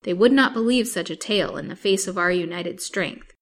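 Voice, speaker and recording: A woman's voice: medium pitch, fairly quick, close to an everyday voice. Woman voicing a fierce old witch wife. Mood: stubborn. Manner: stubborn, fierce, grim.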